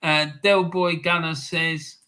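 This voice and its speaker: A livestream host reads chat aloud in a slightly high, sharp voice, speaking slowly with little pitch movement. He chats casually with viewers, laughs often and calls people "mate".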